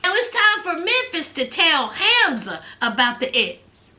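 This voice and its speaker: A woman recaps a reality show in a sassy, chatty way. Her voice is high and bright. Her pitch swings widely, and she speaks slowly. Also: very animated. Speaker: vlogger.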